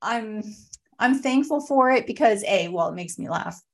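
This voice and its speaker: A woman's voice: a little high, moderate pace. Laughing storyteller woman, chatty guest. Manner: animated, laughs through her stories. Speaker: podcast guest, author. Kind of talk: casual storytelling chat.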